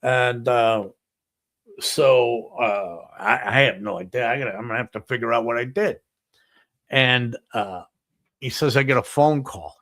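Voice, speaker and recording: Brief: male talk host spinning a crude story, average pitch, lively delivery. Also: measured pace. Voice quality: animated, profane storytelling with many "he goes". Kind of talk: anecdotal storytelling on a talk show.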